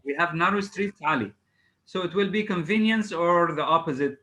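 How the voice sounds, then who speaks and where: A man's voice: fairly high pitch, moderate pace, background noise. A man teaching English over a video call. He is patient, spells words out letter by letter and hesitates often. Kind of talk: online class drilling exam word formation.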